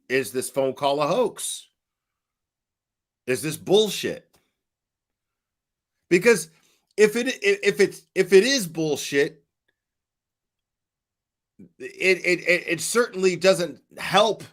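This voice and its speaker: A man's voice: a little high, fairly bright tone. A man giving casual true crime commentary, skeptical and questioning, stumbling over restarts and firing off rhetorical questions. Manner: acts out quoted dispatcher questions.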